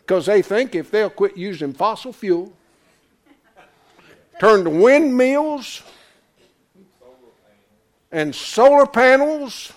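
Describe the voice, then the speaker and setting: An older man preaching a folksy, emphatic sermon, swinging from loud to quiet. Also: very high-pitched. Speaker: pastor.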